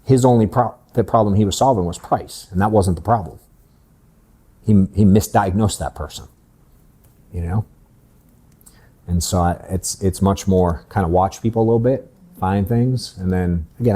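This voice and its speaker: Male sales coach, 30s, blunt and candid, mellow dark tone, office workshop. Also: low-pitched, normal speed, pauses often. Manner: blunt, candid, swears casually. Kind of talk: casual workshop talk.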